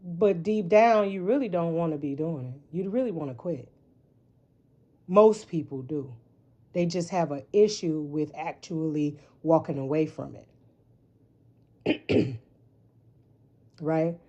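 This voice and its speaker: A woman's voice: sits low, takes it slowly, pauses often, mellow, muffled recording. Frank, rambling woman tarot reader. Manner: rambling, frank and profane, with frequent rhetorical "right?". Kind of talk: casual spoken tarot reading.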